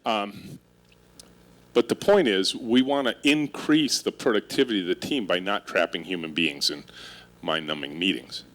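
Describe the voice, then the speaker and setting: A man's voice: sits low, moderate pace. A middle-aged man giving a humorous keynote speech on stage, telling stories with wry, self-mocking humor and drawing the audience in with questions. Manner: animated storytelling with audience interaction. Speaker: keynote speaker and company leader. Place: stage before a live audience.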